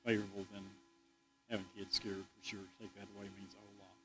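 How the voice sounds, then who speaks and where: Quick, flat-voiced man on a school board. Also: lowish voice, faint music behind, rough recording. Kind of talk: meeting remarks.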